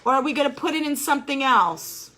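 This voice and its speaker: A woman's voice: sits high, expressive, fast talker, pushed and bright. A woman teaching a life skills class over a video call, upbeat and encouraging as she quizzes her students.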